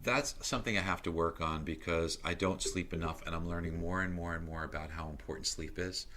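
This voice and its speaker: Deep-voiced, excitable man telling stories. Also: brisk, a little hiss or hum. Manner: animated, gets loud and excited telling stories. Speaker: guest. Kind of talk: casual interview storytelling.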